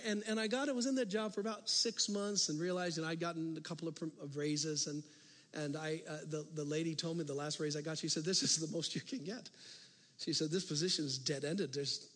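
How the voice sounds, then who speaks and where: A male pastor preaching a sermon, telling a story with animated swings from loud to hushed. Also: on the high side. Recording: long reverb of a large hall.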